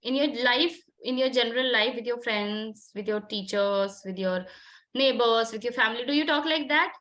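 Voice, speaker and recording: Insistent Indian woman trainer, high bright voice. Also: moderate pace. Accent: Indian English. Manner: probing, insistent questioning, mixing Hindi and English. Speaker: communication skills trainer. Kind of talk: online group discussion coaching.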